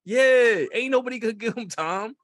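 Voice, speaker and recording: A man in casual, profane chat, animated and quick to laugh. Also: very high-pitched, crowd noise. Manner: animated, swears freely, laughs often.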